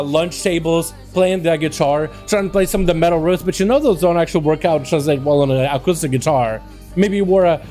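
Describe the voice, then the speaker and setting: A man's voice: high-pitched, mellow. A young man hosting a gaming livestream, chatting and joking with his viewers in a rambling casual way. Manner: chatty, rambling, jokey, talks to chat. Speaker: livestream host. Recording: faint music behind. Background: faint background music.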